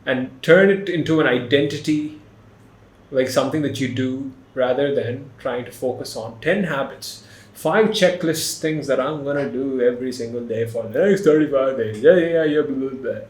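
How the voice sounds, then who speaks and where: A man hosting a podcast in casual chat, animated and quick to laugh. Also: mid-range voice, echoey room. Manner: animated, laughs often, puts on mock voices. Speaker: podcast host.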